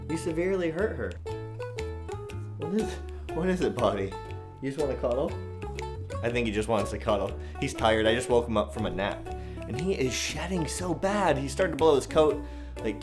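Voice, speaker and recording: Chatty male vlogger talking to camera with light music behind, casual storytelling. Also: mid-range voice. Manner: chatty storytelling, soft baby-talk to the dog. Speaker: dog-owner vlogger.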